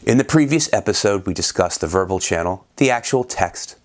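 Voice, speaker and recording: A man hosts the show from a script, with a measured, formal delivery. His voice sits a little low. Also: expressive. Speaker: host. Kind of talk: scripted presentation.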